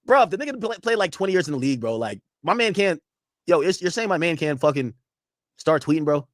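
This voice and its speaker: A young male streamer talks fast in a fairly high, very lively voice. He rambles and curses freely as he riffs to his chat. The sound is close and dry, with no room in it. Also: no room sound. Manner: animated, profane, rambling banter with chat. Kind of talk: casual live-stream reaction.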